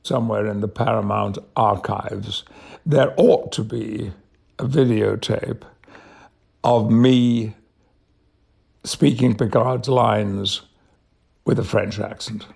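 An older man from Yorkshire, an actor telling stories in an interview in a measured, articulate way with chuckles. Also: fairly low pitch, steady tone, gravelly, darkish tone, husky. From England, Yorkshire. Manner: measured, articulate, laughs through anecdotes. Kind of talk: reflective storytelling.

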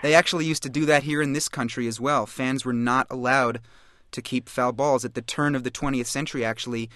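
A man's voice: medium pitch, steady tone, brisk, a bit bright, no echo. A man talking as a studio guest, explaining eagerly and fluently. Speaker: studio guest, baseball collector. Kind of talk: interview talk.

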